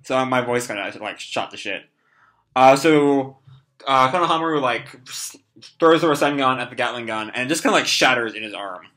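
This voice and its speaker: A young man with a hoarse, worn voice talks through a comic chapter live, rambling along with constant "like" and "uh". His tone is bright despite the strain. It sounds like a relaxed, unscripted fan reaction. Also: mid-range voice, normal speed. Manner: rambling, full of "like" and "uh".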